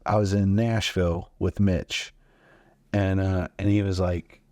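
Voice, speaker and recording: A man's voice: low-pitched, flat delivery, unhurried, a little mellow, no room sound, studio quality. A man in his forties, a comedian, telling loose and rambling stories in a casual chat, full of fillers. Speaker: guest comedian. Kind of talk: casual storytelling.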